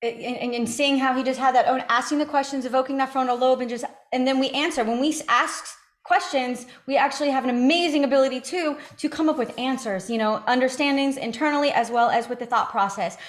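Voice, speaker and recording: A woman interviewer with a high, bright-pitched voice, talking fast and earnestly. She is recorded in an echoey room. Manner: fast, earnest, many fillers and restarts.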